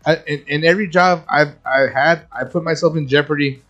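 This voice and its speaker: A man's voice: a little high, muffled recording, soft background music. A man in his thirties co-hosting a casual podcast, telling a heated story with lots of swearing and slang. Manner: profane, animated storyteller, quick to anger. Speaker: podcast co-host. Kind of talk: casual chat.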